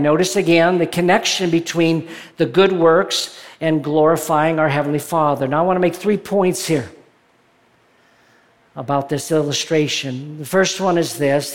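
A man with a high, light voice preaches a sermon to his congregation. He talks it through conversationally, reads scripture aloud and now and then lifts with enthusiasm. The tone stays personal and unhurried, like a pastor explaining a passage. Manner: conversational preaching, rising excitedly at points.

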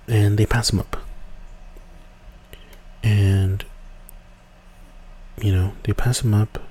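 A man's voice: fairly low pitch, little pitch movement, slow pace, dark tone, slight background noise. A man hosting a podcast, telling a story casually with many fillers and restarts. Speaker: podcast host.

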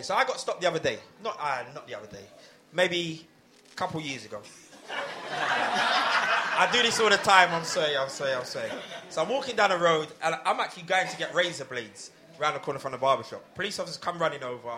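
Bright high-voiced man telling a story. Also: fast talker, a little hiss or hum. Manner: animated storytelling, laughing often. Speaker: host. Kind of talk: casual panel discussion.

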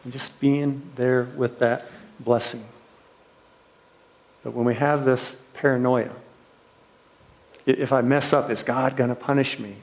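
A man's voice: mid-range voice, fairly even intonation, unhurried, long pauses. Earnest man preaching at a retreat. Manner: earnest, repeats words, trails softly then lifts with rhetorical questions. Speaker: retreat leader. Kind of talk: sermon. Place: retreat gathering room.

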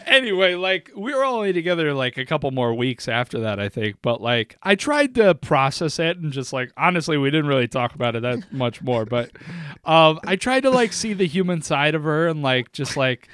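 A man's voice: on the high side, big pitch swings, normal speed, a bit bright, clean tone, no room sound. A young man co-hosting a podcast, telling rambling stories and laughing often. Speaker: podcast co-host. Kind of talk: casual chat.

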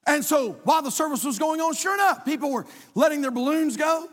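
A man preaching as pastor to his congregation, building to shouted, rhythmic lists of praise. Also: extremely high pitch, a little fast. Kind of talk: sermon. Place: large church sanctuary. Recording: long hall reverb.

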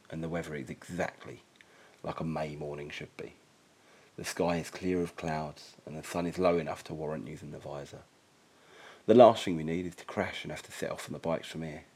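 A man narrating a first-person story with a very low voice and a husky texture. He reads quietly and sombrely, in a reflective way.

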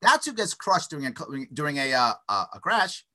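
A man talking as an interview guest, giving an opinionated, animated argument with stuttered restarts and frequent "right?" tags. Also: fairly high pitch, brisk. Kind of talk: opinionated conversational monologue.

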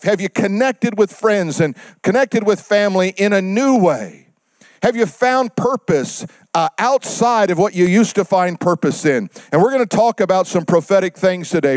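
A male pastor delivering a sermon, pausing for effect and dropping his voice low for God's words. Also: a little mellow, no room sound. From United States.

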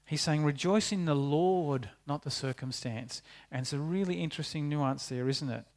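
A man's voice: on the high side, normal speed. A man preaching a sermon, talking conversationally and asking the congregation rhetorical questions. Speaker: pastor.

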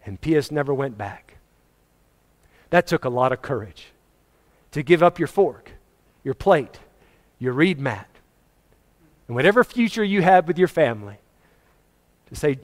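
A man's voice: fairly high pitch, animated, unhurried, pauses often. Emphatic preacher man with hall reverb. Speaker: pastor. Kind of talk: sermon.

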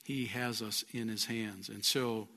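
A man's voice: on the low side, fairly even intonation, a little slow, vocal fry, bright, forceful tone. A man preaching a sermon as pastor, earnest, rising and falling in volume. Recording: long reverb of a large hall.

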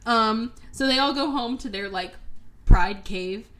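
A woman's voice: on the high side, moderate pace, pushed and bright. A woman casually recapping a film, swearing freely and acting out characters' lines in silly voices. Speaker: podcast co-host.

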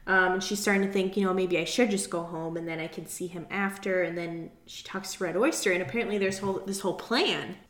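A young woman co-hosting a casual podcast, chatty and quick to laugh, acting out quotes. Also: on the low side, steady tone, a bit bright. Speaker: podcast co-host. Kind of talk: casual chat recapping a reality show. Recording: roomy echo.

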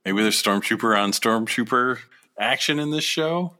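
A man's voice: medium pitch, moderate pace, sharp tone. A man co-hosting a casual podcast, riffing playfully and laughing a lot as he reacts to a trailer. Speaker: podcast co-host.

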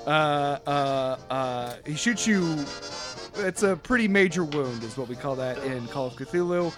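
A man's voice: a little high, animated, measured pace. Hesitant man narrating as game master. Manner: hesitant, full of "uh" fillers. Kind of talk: narrating a tabletop horror game. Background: background music.

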